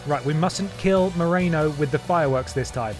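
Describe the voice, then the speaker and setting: A man's voice: a little high, moderate pace, music in the background. A man, streaming a wrestling game and doing playful mock-announcer commentary with jokey asides. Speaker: gaming streamer.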